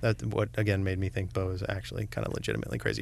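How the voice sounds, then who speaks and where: A man's voice: on the low side, steady tone, rapid-fire, gravelly, slight background noise. Wry, opinionated male podcast host. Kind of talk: casual chat.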